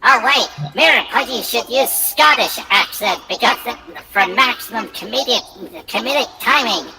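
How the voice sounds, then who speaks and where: A woman's voice: a little high, lively intonation, moderate pace, over music. A woman co-hosting a casual comedy podcast, joking playfully and slipping into silly voices. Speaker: podcast co-host. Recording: noticeable background noise.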